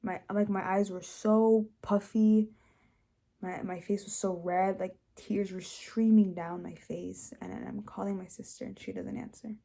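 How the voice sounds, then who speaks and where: A young woman sharing a personal testimony, speaking emotionally with many restarts and fillers, dropping soft and rising louder. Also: steady tone, unhurried, creaky. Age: young adult. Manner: swings between soft low passages and louder rises. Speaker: host.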